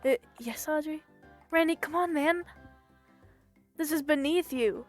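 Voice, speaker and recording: High-voiced woman streamer, dry asides, faint music behind. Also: a little slow, pauses often. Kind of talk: casual game commentary.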